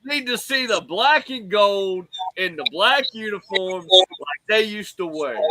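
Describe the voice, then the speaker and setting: A man hosting a casual sports talk show, animated and preachy, calling on his co-hosts. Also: sits high, measured pace, poor audio. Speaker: host.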